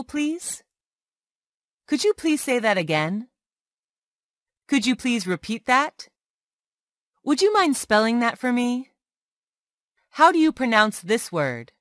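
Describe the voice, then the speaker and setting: A woman reads practice phrases aloud like an English tutor. She speaks slowly and clearly, and her pitch rises and falls a lot from line to line. The sound is dry, with no room around it. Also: no room sound. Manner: slow, clear, expressive phrase reading.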